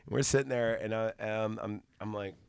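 Man, podcast host, casual storytelling, swears a lot, animated, dry close sound. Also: on the low side, brisk, vocal fry, clean tone, no echo. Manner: profane, animated, acts out quoted people.

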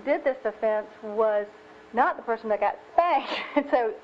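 A woman adding a personal story to a parenting talk, earnest and halting in long run-on sentences. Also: fairly high pitch, lively intonation. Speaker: co-presenter, speaker's wife. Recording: dull lo-fi recording with faint noise.

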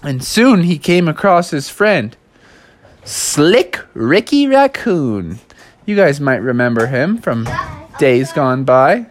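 A man narrating a children's read-along storybook in a relaxed, slangy manner. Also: on the high side, takes it slowly.

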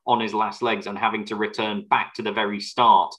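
A man with a somewhat low voice and a bright, forceful edge trades wry anecdotes in a casual podcast chat. He talks with lively emphasis, leaning into his stories. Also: fairly quick, poor audio. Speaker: podcast co-host. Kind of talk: casual chat about film music.

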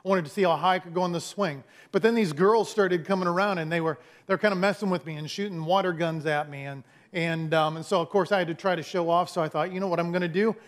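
A pastor delivering a sermon, telling a funny childhood story in a folksy, conversational way. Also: male voice, a little high, fast, few pauses.

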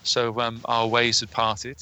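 A man with a bright, clear voice chats about his travels in a relaxed group conversation. He tells his stories loosely and laughs often. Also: medium pitch, unhurried. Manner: chatty storyteller, laughs often. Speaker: podcast guest, motorcycle traveller. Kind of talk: casual group chat on a call.

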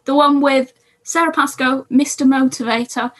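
A woman's voice: sits high, steady tone, moderate pace, a bit bright. A woman co-hosting a casual podcast, chatting about TV shows from her notes. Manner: chatty, reads from notes, self-interrupting. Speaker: podcast co-host.

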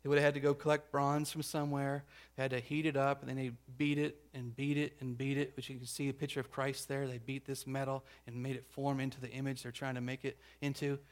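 A pastor preaching a conversational sermon, checking in with the congregation and acting out the grumbling crowd. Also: male voice, medium pitch, little pitch movement, fast, hardly any pauses. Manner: acts out grumbling crowd voices.

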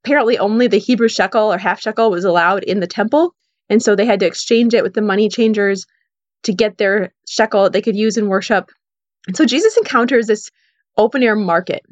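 A woman's voice: mid-range voice, brisk, dry recording. Woman teaching scripture, dull dry sound. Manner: conversational storytelling, frequent "you know" and "like". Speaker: Bible teacher. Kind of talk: casual Bible teaching.

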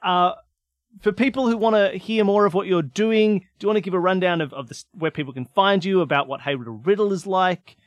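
A man's voice: high voice, brisk, no echo. A man hosting a podcast, wrapping up the episode in friendly, hesitant casual chat full of fillers. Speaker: podcast host.

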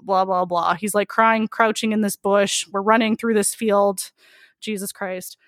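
A woman's voice: mid-range voice, fairly even intonation, measured pace, dry recording, clean studio sound. A woman telling a story as a podcast guest, candid and laughing often, with lots of "like". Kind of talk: casual storytelling interview.

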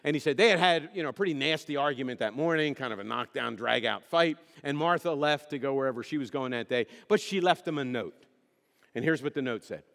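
Here a middle-aged pastor preaches in a relaxed, conversational way, cracking jokes and asking the congregation questions. His mid-range voice is gravelly and a bit bright, and he speaks fairly quickly. Long hall reverb fills the church sanctuary.

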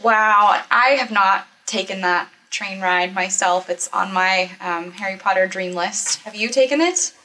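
A woman co-hosting a casual podcast, reacting playfully and quickly. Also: medium pitch, sharp tone. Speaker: podcast co-host.

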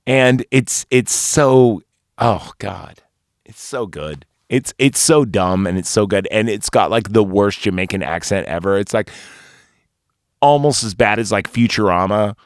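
A man with a fairly low voice reviews films in a loose, rambling podcast chat. He swears constantly and gushes with enthusiasm. The sound is dry and close, with no room echo. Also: measured pace. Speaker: podcast host. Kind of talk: casual movie review.

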